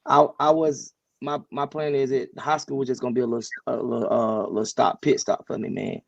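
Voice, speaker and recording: A man who coaches high school sports tells his story as a podcast guest, relaxed and stumbling over restarts. His mid-pitched voice is gravelly. The recording is dry and slightly muffled. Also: brisk, no room sound. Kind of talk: casual interview storytelling.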